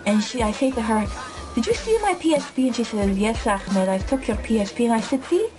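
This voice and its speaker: A woman doing a boastful young ex-tough guy, high. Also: expressive, a little fast, over music, close to an everyday voice, low-quality recording. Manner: broken English, repetitive, matter-of-fact.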